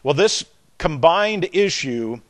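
An older man with a Southern American drawl delivers a sermon. His voice sits a little high, and he stretches and repeats words, swelling louder on the points he wants to drive home. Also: expressive. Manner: emphatic, drawn-out delivery that swells in loudness on key words. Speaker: preacher.

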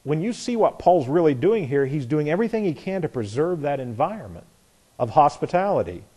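A man's voice: a little high, big pitch swings, a little fast, warm tone, husky. A man preaching a sermon, reading scripture aloud and explaining it in a conversational way. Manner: conversational, reads scripture then comments. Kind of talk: expository sermon.

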